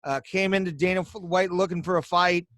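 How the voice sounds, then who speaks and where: A man with a slightly high voice co-hosting a casual podcast, recorded close and dry. He talks in a playful, joking way and breaks into goofy asides and hype lines. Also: fairly even intonation, a little fast, a bit bright, no echo. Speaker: podcast co-host. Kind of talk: casual chat.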